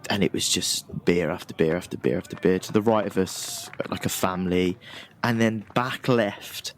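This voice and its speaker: Animated Birmingham man telling stories. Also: low-pitched, moderate pace, slight background noise. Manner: animated, self-mocking storyteller. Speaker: podcast co-host. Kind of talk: casual chat.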